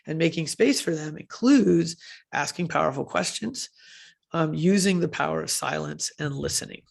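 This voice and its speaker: A woman's voice: deep voice, slow, vocal fry. A woman giving a conversational conference talk on leadership, often asking "right?" and correcting herself with fillers as she goes.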